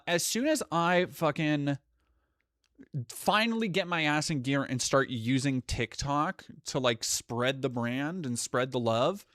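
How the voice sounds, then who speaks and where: A man's voice: fairly high pitch, fairly bright tone, no echo. Profane rambling male streamer, dry sound. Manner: rambling, profane, reads chat aloud. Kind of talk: casual livestream chat.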